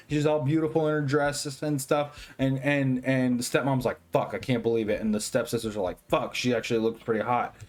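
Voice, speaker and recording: A tipsy man rambling excitedly through a profane movie review, full of fillers and swearing. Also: mid-range voice. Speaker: host.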